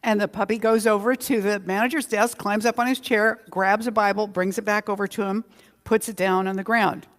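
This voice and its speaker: Woman minister, conversational sermon, slow stressed words, long hall reverb. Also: medium pitch, steady tone. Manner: conversational, drawn-out emphasis on key words. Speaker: senior minister. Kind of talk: Sunday sermon with a joke story. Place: community center hall.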